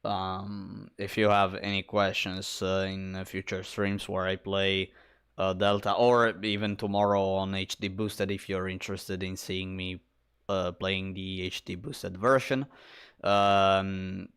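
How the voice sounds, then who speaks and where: Tired, halting man streamer. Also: low-pitched, vocal fry, fairly bright tone, clean tone. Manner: halting, friendly, repeats himself. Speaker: game streamer. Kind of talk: casual stream sign-off.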